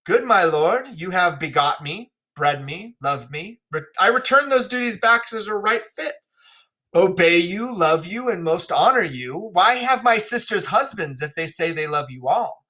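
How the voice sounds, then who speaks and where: A male teacher reading the lines of an honest, stubborn young princess in a classroom play reading, measured and earnest. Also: high voice, sing-song, sharp tone, heavily acted. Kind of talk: classroom play read-aloud.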